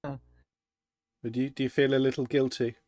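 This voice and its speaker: A man's voice: mid-range voice, little pitch movement, measured pace, a little mellow, no room sound, faint music behind. A man co-hosting a live stream, upbeat and chatty, plugging the community channel. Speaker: co-host.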